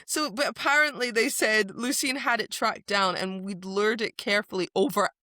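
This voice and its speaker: A woman's voice: medium pitch, moderate pace, bright, forceful tone, no room sound, clean studio sound. A woman co-hosting a podcast, chatting casually about a novel and acting out the characters' lines with animation. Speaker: podcast co-host. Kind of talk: casual book discussion.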